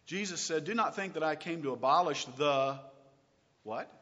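A man teaching a recorded Bible lesson, asking his listeners questions and reading verses out slowly and with weight. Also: fairly high pitch, in a large hall, highs cut off. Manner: lively, asks rhetorical questions, reads scripture slowly.

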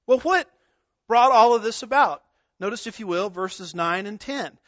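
A man's voice: sits high, animated, normal speed, fairly bright tone, no room sound. Man, sermon, emphatic, repeats key words, muffled lo-fi sound. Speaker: pastor. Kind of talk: expository sermon.

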